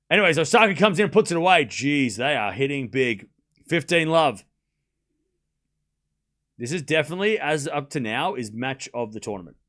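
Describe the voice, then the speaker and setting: Fairly high-pitched and a bit bright, a young man commentates a tennis match on a live watchalong stream. He alternates play-by-play with joking, chatty asides.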